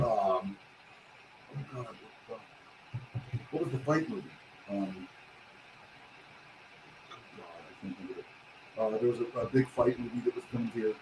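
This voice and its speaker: A man's voice: mid-range voice, noisy background. Storytelling man in an echoey room. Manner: animated storyteller, acts out quotes, swears casually. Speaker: guest, pro wrestler. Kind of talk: casual interview chat.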